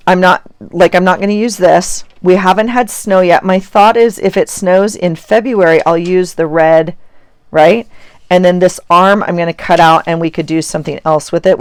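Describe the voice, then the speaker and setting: A woman's voice: fairly low pitch, no echo. A middle-aged woman chatting casually in her home office while sorting journal supplies, rambling and giggly. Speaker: journaling vlogger. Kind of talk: casual chat while crafting.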